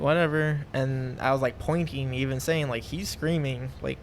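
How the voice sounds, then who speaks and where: A young man who fights MMA professionally chats casually as a podcast guest, rambling with lots of fillers and restarts. His voice sits mid-range with vocal fry, moving at a moderate pace with hardly any pauses. A faint hiss or hum runs under the recording.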